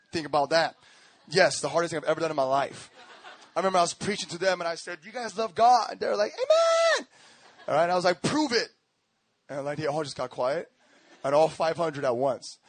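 A young man preaching a lively sermon, telling stories, acting out voices and laughing often, with a repetitive, rhythmic emphasis. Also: fairly high pitch, fast talker, no echo.

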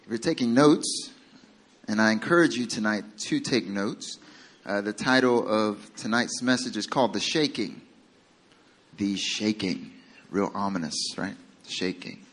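A man with a fairly low, fairly bright voice preaches at a measured pace in a Southern American accent. As pastor, he banters casually with his congregation, making light of himself with a joking aside.

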